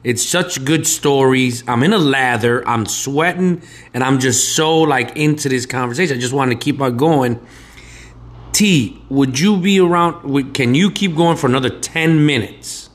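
A man's voice: medium pitch, normal speed. A man co-hosting a podcast, chatty and eager, steering the talk between segments. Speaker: podcast co-host.

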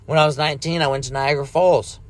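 Here a thirtysomething American man rambles through a laid-back solo podcast, swearing liberally as he goes. He talks fast in a slightly high voice with fairly even intonation, and there's no room sound.

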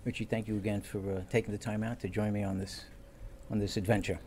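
A man's voice: on the low side, flat delivery, fast talker, a little mellow, a little hiss or hum. A man who is a former police officer, hosting a talk show and telling stories with dry humor. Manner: dry, wry storyteller who takes calls.

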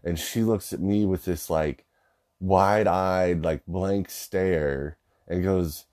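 A man's voice: low-pitched, fairly even intonation, slow pace, darkish tone. A young man in his twenties telling a personal story casually, rambling with lots of fillers and swearing. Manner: rambling, profane, filler-heavy.

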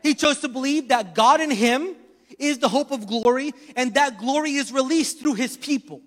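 High-voiced preacher in a reverberant hall. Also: male voice, moderate pace. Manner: storytelling preacher, swings from loud emphasis to hushed asides. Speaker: pastor. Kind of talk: sermon.

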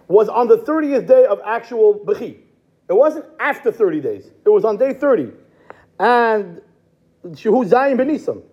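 High husky-voiced man teaching Talmud. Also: highs cut off. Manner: mixes Hebrew and Aramaic quotes into English, chants texts, explains step by step. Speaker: Torah teacher. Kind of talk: Talmud class lecture.

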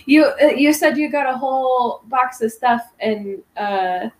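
Teasing woman podcast co-host, higher voice. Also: a little slow, slight background noise, rough recording. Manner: teasing, laughs often, prompts her co-host. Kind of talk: casual chat.

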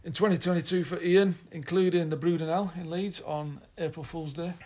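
This podcast co-host, a man from Yorkshire, England, keeps the casual conversation rambling and full of teasing. He talks briskly in a fairly high, slightly mellow voice with fairly even intonation.

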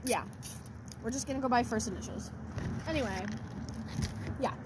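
A woman's voice: on the high side, normal speed. A teenage girl co-hosting a casual podcast, swearing often as she rants about school. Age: teens. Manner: swears a lot, ranting. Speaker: podcast co-host. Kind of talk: casual chat. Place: car in a parking lot at night. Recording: faint traffic noise in a parking lot.

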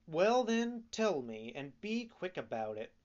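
A man's voice: high-pitched, big pitch swings, measured pace, darkish tone, lo-fi sound, pitched above the performer's own voice. A man voicing a rude, hot-tempered wooden puppet boy in a storybook reading, with a raised, brash voice. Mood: defiant.

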